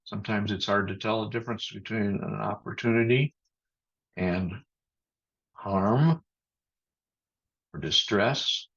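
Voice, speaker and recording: The speaker is a pastor giving a sermon, thoughtful and measured, breaking off and beginning again at times. His voice is low-ish, husky and a bit bright, heard through muffled audio resembling a video call.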